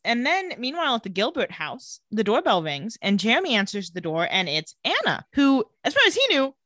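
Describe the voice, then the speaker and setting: A woman talks through a TV episode in easy podcast chat, tossing in little acted-out lines as she goes. Her voice is bright and forward. The sound is close and dry, with no room around it. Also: fairly high pitch, brisk, no echo. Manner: animated retelling, acting out characters' lines. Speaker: podcast co-host recapping a TV episode. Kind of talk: casual chat.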